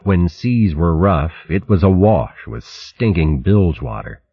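A man narrating a storybook in a measured, dramatic way. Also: deep voice, very animated, breathy edge, no echo. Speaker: audiobook narrator. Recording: dull dry audiobook recording.

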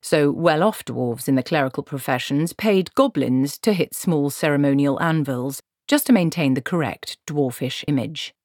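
A woman reading a comic fantasy story aloud in a wry, measured narrating voice. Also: low voice, darkish tone, no echo, studio quality. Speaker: audiobook narrator. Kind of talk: scripted narration.

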